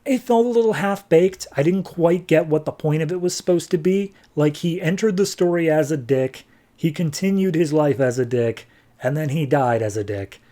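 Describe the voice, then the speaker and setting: A man's voice: a little high, moderate pace, dark tone. A man hosting a podcast, reviewing comics in a casual, rambling way.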